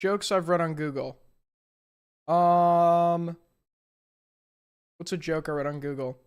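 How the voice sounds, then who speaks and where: A streamer, a man, tells jokes with a smooth, clear voice. He drags out the setups in a deadpan way, then fishes for laughs from his chat. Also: on the high side, dull audio. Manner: slow deadpan buildup, fishing for laughs. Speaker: streamer host. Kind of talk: casual stream joke-telling.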